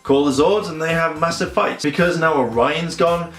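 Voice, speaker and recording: A man's voice: on the high side, normal speed. Sarcastic guy rambling in a roomy space. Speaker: fan reviewer. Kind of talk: casual episode review. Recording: roomy echo, faint music behind.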